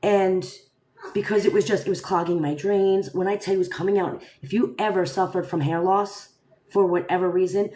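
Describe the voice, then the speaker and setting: A woman whose voice is on the low side and a little fast hosts a relaxed live stream. She's animated, rhetorical, and talks straight to her viewers. The room sounds echoey.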